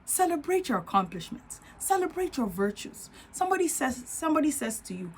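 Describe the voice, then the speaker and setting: A woman's voice: fairly high pitch, big pitch swings, brisk, few pauses. A woman with a non-native accent giving a motivational talk as a confidence coach, earnest and coaching, often checking in with the listener.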